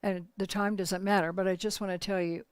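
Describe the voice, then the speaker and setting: A woman leading a spiritual workshop, telling teaching stories in a calm, measured, unhurried way. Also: medium pitch, clear, resonant tone, no room sound. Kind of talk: teaching storytelling.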